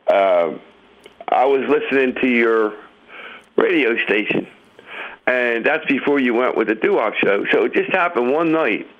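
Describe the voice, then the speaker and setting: A male caller on the phone, telling a story in an animated way and acting out quotes. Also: medium pitch, measured pace. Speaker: caller, musician. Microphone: phone line. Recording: muffled phone line.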